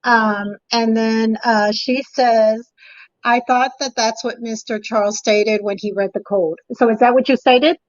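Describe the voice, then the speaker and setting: A woman's voice: fairly high pitch, fairly even intonation, a little slow, no echo, highs cut off. A woman hosting a talk show who speaks emphatically, repeating herself when indignant. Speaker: host. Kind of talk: live call-in talk show.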